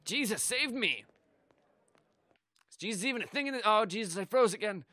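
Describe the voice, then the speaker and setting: A man playing a shooter and joking around, goofy and sweary, with sudden shouts. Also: sits high, expressive, moderate pace, dry recording, clean studio sound. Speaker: let's play gamer. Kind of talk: gaming commentary.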